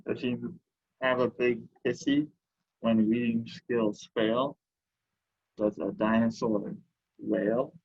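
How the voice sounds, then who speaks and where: A man reading picture books aloud at a library story time, slow and unhurried, adding short comments of his own. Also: mid-range voice, fairly even intonation, gravelly, slightly rough, dull audio.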